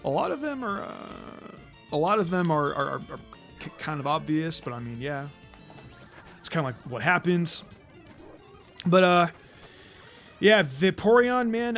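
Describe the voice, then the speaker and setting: Young male let's-play commentator; chatty, stammering, filler-heavy, a touch high in pitch. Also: fairly bright tone. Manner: rambling, frequent fillers and stammered restarts. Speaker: gaming commentator.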